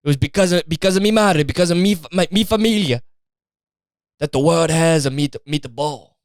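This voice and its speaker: A man's voice: on the high side, fairly quick, clean tone, no echo, clean studio sound, close to an everyday voice. A man putting on a fake Italian accent to play a boastful Italian man who insists his family invented famous dishes. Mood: insistent. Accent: put-on Italian. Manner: insistent and grandiose, brushes off doubt.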